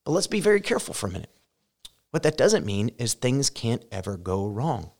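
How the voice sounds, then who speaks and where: A man preaching a sermon as pastor, speaking earnestly and directly to his listeners, rising loud and emphatic when he reads scripture. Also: medium pitch, very animated, fairly quick, vocal fry.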